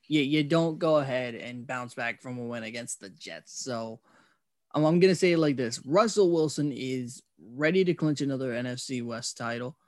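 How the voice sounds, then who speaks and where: A man hosting a casual sports talk show, excitable, swearing now and then and repeating his catchphrases. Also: mid-range voice, no echo, studio quality.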